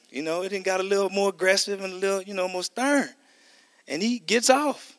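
A man's voice: high voice, a little fast, fairly bright tone, dry recording, clean studio sound. A middle-aged man preaching a testimony sermon, telling a story animatedly and acting out the dialogue. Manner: conversational, addresses listeners as y'all.

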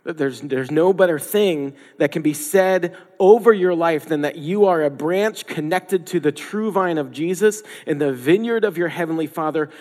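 A man's voice: on the high side, darkish tone, long reverb tail. A man preaching a sermon as a pastor, conversational and emphatic, repeating phrases for stress.

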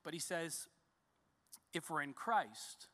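A man preaching in a church sanctuary, pressing his points with emphatic repetition. His voice sits high and rings bright, and it carries a long reverb from the big hall around him. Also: animated, slow. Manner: emphatic, repeats key words for stress. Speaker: pastor. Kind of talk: sermon.

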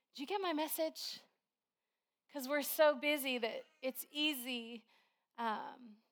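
Chatty woman preacher, somewhat high voice. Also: a bit bright. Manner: chatty and conversational, with storytelling. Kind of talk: sermon. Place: church service with a congregation.

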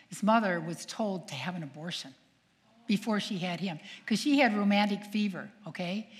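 An older woman, a nun, telling stories to an audience in a lively way, acting out quoted voices and asking her listeners questions. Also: fairly low pitch. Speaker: nun and speaker. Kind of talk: storytelling talk to an audience. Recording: long hall reverb.

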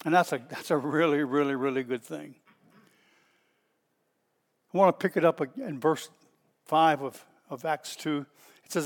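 A man with a high-pitched voice preaching a sermon. He reads scripture aloud, then comments on it and repeats his points for emphasis. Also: measured pace, long pauses. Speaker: pastor.

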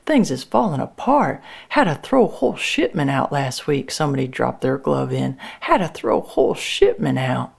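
A woman's voice: extremely low pitch, big pitch swings, moderate pace, gravelly, few pauses, darkish tone, slightly rough, exaggerated voice. A woman doing a pushy dismissive factory boss. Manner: brushing off, bossy, folksy dialect.

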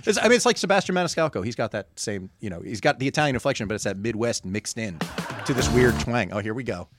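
A man hosting a casual comedy chat, animated and quick to laugh, often slipping into impressions. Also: medium pitch, over music.

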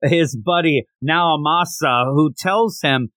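A man's voice: a little high, slow, a bit bright, no room sound. A man hosting a podcast in a casual, rambling way, often restarting his sentences. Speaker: podcast host. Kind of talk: casual podcast chat and recap.

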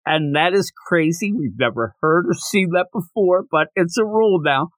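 A middle-aged man co-hosting a podcast, recapping a manga chapter in casual chat, animated and dropping into silly voices when quoting characters. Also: high-pitched, unhurried, no echo. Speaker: podcast co-host.

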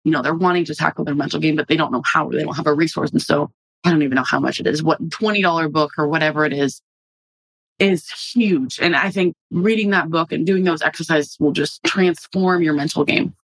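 A woman in her twenties, a college softball player, talking casually and animatedly as an interview guest, with lots of "like"s. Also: low-pitched, a little fast, breathy edge, no room sound. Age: 20s. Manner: animated and chatty, many "like"s.

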